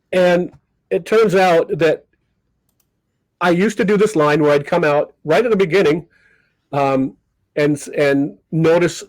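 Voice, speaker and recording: An older man sits in for a podcast chat as a guest comedy magician, spinning animated anecdotes and slipping into voices for the people he quotes. His voice sits a bit high for a man, and the sound is dry and close with no room around it. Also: no room sound, rough recording. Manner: animated raconteur who acts out quoted people. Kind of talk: casual storytelling interview.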